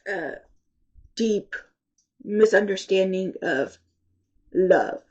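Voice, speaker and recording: A woman reviewing books in a casual, rambling chat, halting often and sounding congested from allergies. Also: medium pitch, darkish tone, dull audio. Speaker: book reviewer.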